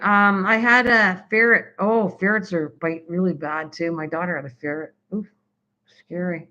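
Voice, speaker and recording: An older woman from Canada hosts a homey craft live stream, talking in a loose, rambling way as she reacts to viewers' messages. Her voice is bright and forward. The sound is dull and lo-fi, like a basic home setup. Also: lowish voice, normal speed. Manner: rambling, chatty, answers typed comments.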